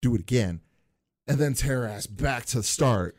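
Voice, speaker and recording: A man chatting casually on a podcast and telling an animated story, acting out the people in it. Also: mid-range voice, moderate pace, no echo, studio quality. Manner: animated storyteller, acts out quoted voices.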